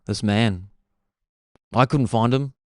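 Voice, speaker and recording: A man's voice: medium pitch, takes it slowly, a little mellow, no echo, clean studio sound. A young man hosting a podcast, talking in a laid-back, meandering way and dropping "bro" often. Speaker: podcast host. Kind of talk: casual rambling monologue.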